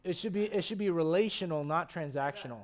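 High-voiced pastor preaching. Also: male voice, fast talker. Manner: animated and conversational, with frequent restarts. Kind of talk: sermon.

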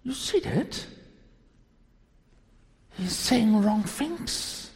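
A man's voice: very high voice, huge pitch swings, big-room sound. A man preaching a sermon to a congregation, emphatic and full of rhetorical questions. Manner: slow, deliberate delivery with sudden rises. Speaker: pastor. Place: church.

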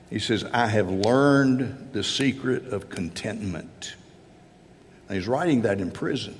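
A man preaching a sermon, slow and halting, with repeated words and stresses on key phrases. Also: on the low side, a little hiss or hum. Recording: long reverb of a large hall.

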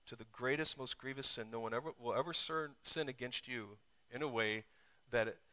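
Bright-voiced man preaching with rising intensity. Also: brisk. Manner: preaching with sudden surges in pitch and volume. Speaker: pastor. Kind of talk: sermon. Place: church.

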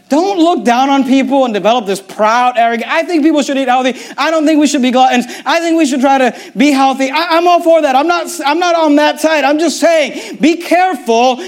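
High-voiced man preaching emphatically. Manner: emphatic, mocking asides, repeats words. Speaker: pastor. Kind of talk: sermon. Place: church.

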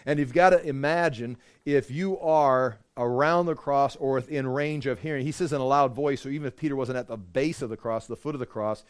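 A man's voice: medium pitch, a little fast, hardly any pauses, clean tone. A man gives an informal Bible lesson in a mid-range voice. He talks loosely, with fillers and false starts, and reads scripture aloud with emphasis. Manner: conversational, with frequent fillers and restarts. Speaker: Bible teacher.

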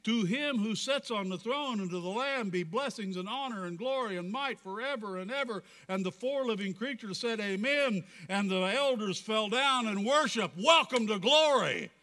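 A man's voice: high-pitched, normal speed, few pauses, bright, forceful tone, in a large hall. A man preaching a sermon, reading scripture aloud with rising fervor. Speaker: pastor.

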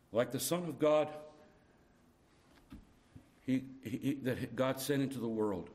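Middle-aged male preacher, earnest sermon delivery, lively pitch swings from hushed to urgent.

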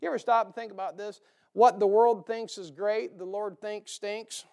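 A man's voice: high voice, fairly even intonation, normal speed, creaky, mellow, clean tone. A man preaching a sermon to a church, folksy and joking, rising to emphatic bursts. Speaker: pastor. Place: church sanctuary.

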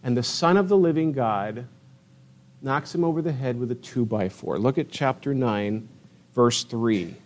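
A middle-aged male pastor preaching a sermon with passion, acting out quoted voices and swinging from loud declarations to hushed asides. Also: medium pitch, a little slow.

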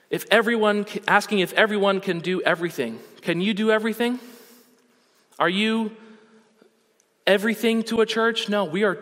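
A man's voice: high voice, a bit bright. A man pastor preaching a sermon in a church, earnest, building to rising rhetorical questions. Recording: long hall reverb.

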